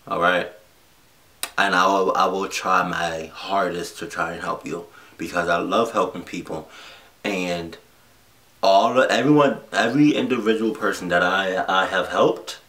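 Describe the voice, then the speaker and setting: A man's voice: low voice, a bit bright. A man vlogging from the heart, earnest and emotional, restarting his phrases and swearing as he presses his point. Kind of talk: heartfelt reaction vlog talk.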